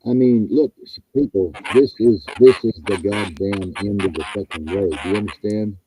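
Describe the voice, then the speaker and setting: A man's voice: on the low side, normal speed, few pauses, mellow, breathy edge, no echo. A man hosting a talk show, delivering an angry, profane, emphatic rant over a muffled line. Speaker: show host. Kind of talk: ranting talk-show monologue.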